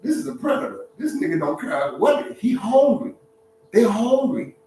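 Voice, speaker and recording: A man's voice: extremely high pitch, big pitch swings, normal speed, dark tone, a little hiss or hum. Joking man, echoey and off-mic. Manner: joking, laughing often, acts out voices. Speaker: social media talk host. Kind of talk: casual live-stream monologue. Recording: echoey room, far from mic.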